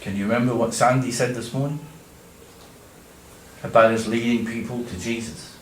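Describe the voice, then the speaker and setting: A man telling a Bible story in the first person in a church, dramatic, swinging from loud cries to hushed tones. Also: mid-range voice, steady tone, normal speed, slight background noise. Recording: echoey church room, distant mic.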